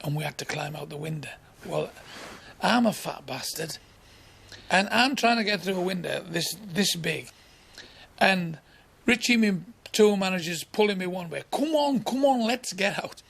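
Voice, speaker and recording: Comic in his 60s, raspy gravelly voice pitched kinda high, bawdy storytelling. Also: normal speed, fairly bright tone. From England. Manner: blunt, bawdy, chuckling raconteur. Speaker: comedian. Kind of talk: anecdotal storytelling in an interview.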